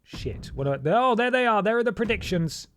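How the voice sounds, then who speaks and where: A man's voice: sits high, animated, fairly quick, fairly bright tone, slight background noise. A man chatting casually to his viewers while he streams a wrestling video game, joking as he goes. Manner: chatty, jokey, talks to chat and mods. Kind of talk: casual live-stream commentary.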